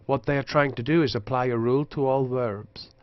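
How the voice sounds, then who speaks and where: A man narrating a linguistics lesson in a measured, scripted way, slowing down to demonstrate pronunciations. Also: medium pitch, fairly even intonation, dry recording, muffled recording. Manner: slow careful demonstrations of pronunciation. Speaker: lecturer.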